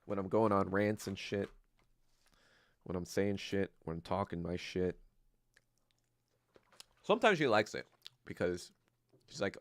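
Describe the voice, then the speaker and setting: A man's voice: low voice, lively intonation, a little slow, pauses often. A young man hosting a podcast livestream, ranting casually in a crude, joking, rambling way. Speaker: podcast host.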